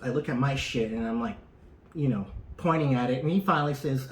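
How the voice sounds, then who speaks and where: A man's voice: medium pitch, fairly quick. A man co-hosting a podcast, telling a long story casually and with lots of swearing, acting out the people in it. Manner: profane, animated, acts out the people in his story. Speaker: podcast co-host. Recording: roomy echo.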